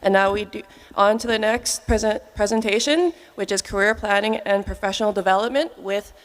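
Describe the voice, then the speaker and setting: A woman's voice: mid-range voice, brisk, rough recording. A woman emceeing a conference, thanking speakers and introducing the next one politely. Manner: polite and apologetic. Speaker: event emcee. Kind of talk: formal introductions.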